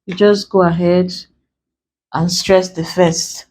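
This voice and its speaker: A woman teaching an exam-prep lesson, spelling out word endings letter by letter in a deliberate way. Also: lowish voice, little pitch movement, a little mellow. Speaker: English tutor.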